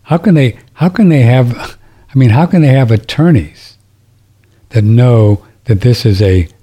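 A man's voice: medium pitch, measured pace, warm tone, breathy edge. A middle-aged man hosting a talk radio show, rambling and indignant, often restarting his sentences. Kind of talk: casual talk radio monologue.

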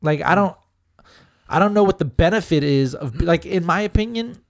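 A man's voice: fairly high pitch, expressive, normal speed, dry recording, clean studio sound. A middle-aged man telling a story in casual chat, swearing freely, quoting friends and using lots of fillers. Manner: loose and profane, lots of fillers, quotes friends and family.

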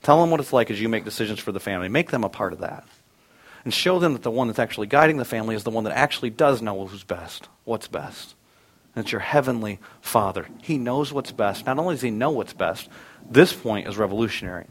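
A man in his thirties, a pastor preaching a sermon, earnest, telling family stories with humor and building to loud emphatic peaks. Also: fairly low pitch, expressive, fast, breathy edge.

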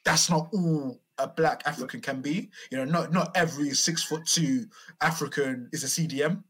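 A man in a casual sports talk, explaining his view at length with frequent restarts. His voice is a little husky and set somewhat high. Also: moderate pace, fairly bright tone. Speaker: podcast co-host. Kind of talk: casual chat.

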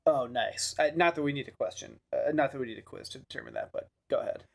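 A man with a gravelly, creaky voice banters as a podcast co-host. He jokes and laughs a lot, talking loosely with plenty of fillers. His pitch sits in the middle. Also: wildly swooping pitch, quick pace. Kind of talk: casual chat.

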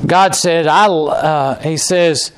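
Casting: a male preacher, slightly high voice, conversational sermon, halting restarts, dramatizes quotes. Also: slight background noise. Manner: conversational, repeats and restarts words, acts out quoted lines.

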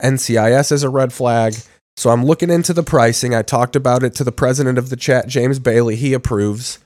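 A man's voice: mid-range voice, brisk, a little mellow. A male podcast host talks through a bout of covid, his voice congested. He rambles and swears in loose, joking chat. The sound is dry and close, with no room echo. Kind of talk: casual profane chat.

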